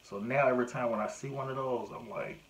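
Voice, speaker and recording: A man, recounting a personal story to camera in a casual, animated way and acting out what people said. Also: medium pitch, fast talker, slight background noise, low-quality recording. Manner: animated retelling with acted-out quotes. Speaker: vlogger.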